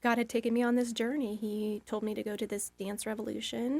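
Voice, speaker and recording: Higher-voiced woman telling a rambling story. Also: little pitch movement, a little fast, gravelly, darkish tone. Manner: rambling, with many fillers and acted-out inner dialogue. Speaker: podcast guest. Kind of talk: casual storytelling.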